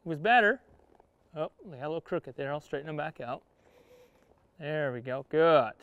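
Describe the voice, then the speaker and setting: A man's voice: a little high, expressive, normal speed, fairly bright tone, smooth, no echo, muffled recording. A man teaching horse training while riding, coaching the horse in short words and explaining to viewers in plain-spoken cowboy talk. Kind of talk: instructional riding lesson. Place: outdoor riding arena.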